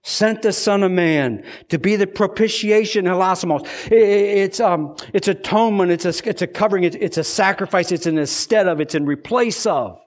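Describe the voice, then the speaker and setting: A man with a fairly high voice preaching a sermon. He talks earnestly and often repeats words as he drives each point home. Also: moderate pace, hardly any pauses.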